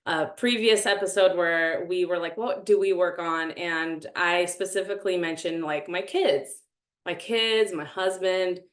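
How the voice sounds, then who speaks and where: Woman, thirties, animated and a bit dramatic, casual chat, roomy echo. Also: fairly low pitch, a little slow. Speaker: reality show contestant.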